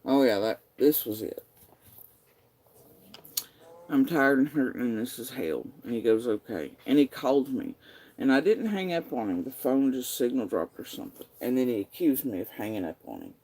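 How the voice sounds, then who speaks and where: Man ranting bitterly in a dark voice. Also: medium pitch, sing-song, moderate pace, rough recording. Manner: bitter and profane, reading out messages. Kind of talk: angry personal rant.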